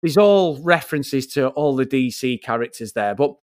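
A man co-hosting a podcast, chatting casually and swearing as he retells funny film scenes, slipping into quick put-on voices. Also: medium pitch, expressive, no echo, studio quality. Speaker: podcast co-host reviewing films. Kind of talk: casual film review chat.

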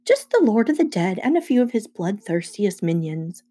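A woman's voice: medium pitch, very animated, moderate pace, mellow. A woman voicing a jittery teenage satyr boy, half goat, who blurts things out defensively. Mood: uneasy.

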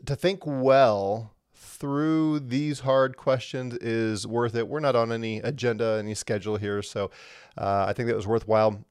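Animated man teaching Scripture. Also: mid-range voice, clear, resonant tone, no echo, studio quality. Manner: conversational and animated, with frequent fillers and emphatic stresses. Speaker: Bible teacher. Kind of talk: livestreamed Bible lesson.

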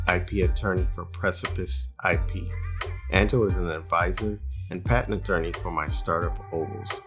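Very deep-voiced man hosting a podcast. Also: vocal fry, roomy sound. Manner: scripted intro then relaxed joking. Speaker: podcast host. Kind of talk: podcast interview.

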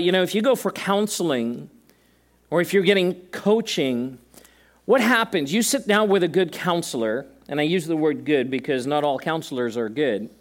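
Joking, conversational male pastor preaching. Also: sits high. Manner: conversational, joking asides, emphatic repetition. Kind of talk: sermon. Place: church service before a congregation.

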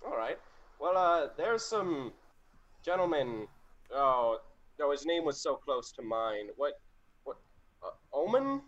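Lively man role-playing his character. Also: medium pitch, slow, long pauses, muffled recording. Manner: expressive, theatrical, bouncy delivery. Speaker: player. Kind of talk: in-character tabletop role-play.

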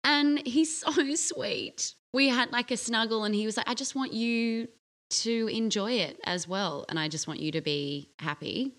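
Podcast co-host, woman, 30s, bright tone, animated storyteller. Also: a little slow. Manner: animated storytelling, acting out quotes in a low voice. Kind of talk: casual chat.

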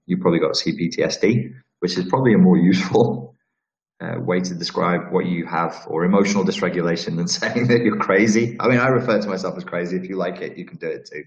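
Answering viewers' questions on his live stream, this Liverpool channel host has a deep voice with vocal fry and a Scouse accent. He's blunt, swears, and rambles with restarts, and the recording sounds roomy, dull, and lo-fi.

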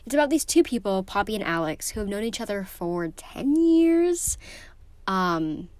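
A woman's voice: mid-range voice, big pitch swings, normal speed, a little mellow, dry recording. Teen girl vlogger, emotional and effusive, filler-heavy casual delivery, mid-range voice, dry close recording. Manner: gushing and emotional, many fillers. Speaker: book vlogger. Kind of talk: casual vlog chat.

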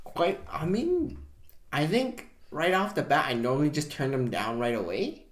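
Relaxed wry man chatting. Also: on the high side, moderate pace. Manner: relaxed, wry, laughs at his own jokes. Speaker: podcast co-host. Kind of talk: casual chat.

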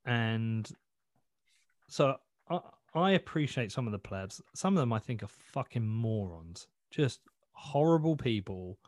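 A man's voice: medium pitch, very animated, unhurried, a little mellow, no echo, studio quality. A man talking as a podcast guest in a blunt, sweary, rambling way, often restarting his sentences. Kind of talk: casual interview chat.

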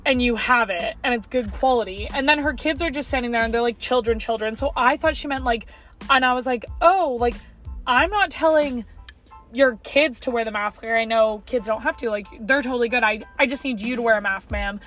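A woman's voice: on the high side, a bit bright, faint music behind. A young woman in her car telling a story to her phone in a chatty vlog, with lots of "like". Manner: chatty, fast, heavy use of "like". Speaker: vlogger.

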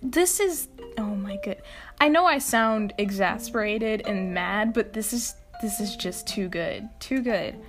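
A woman's voice: mid-range voice, measured pace, a bit bright, faint music behind. A young woman hosting a video, doing casual scripted commentary with laughing, exasperated asides. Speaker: video host.

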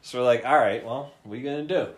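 A young man telling a story in casual chat, animated and laughing often, with plenty of swearing. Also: medium pitch, fast talker. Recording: echoey room.

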